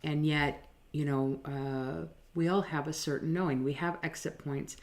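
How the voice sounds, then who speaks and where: A woman co-hosting a casual spiritual chat at home, animated and quick to laugh, who works as a channeler. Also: low-pitched. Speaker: channeler and co-host. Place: home table.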